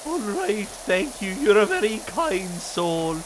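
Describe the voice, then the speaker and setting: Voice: medium pitch, sing-song, slow pace, pitched above the performer's own voice. Hungry naive Victorian boy, put on by a streamer, bouncy voice. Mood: eager. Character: starving poor Victorian boy, cheerful and naive. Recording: hissy stream audio, spray noise.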